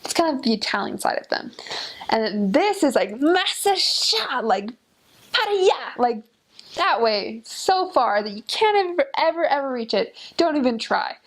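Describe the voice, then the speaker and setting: A woman's voice: on the high side, lively intonation, normal speed. A woman chatting casually about culture, filling her talk with "like" and acting out what people say. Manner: chatty, many "like" fillers, acts out quotes.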